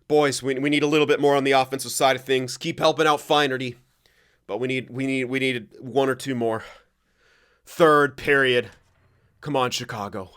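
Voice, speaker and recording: A young man commenting on his own hockey video game play, excitable and foul-mouthed, swinging from loud cheering to low grumbling. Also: moderate pace, clear, resonant tone. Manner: excitable, swears often, swings between shouting and grumbling. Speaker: gaming commentator.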